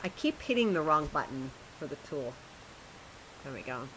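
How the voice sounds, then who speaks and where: A woman's voice: low voice, sing-song, normal speed, fairly bright tone, a little hiss or hum, poor audio. A woman streamer chatting casually to her viewers while she plays a game, chatty and self-mocking, often laughing at herself.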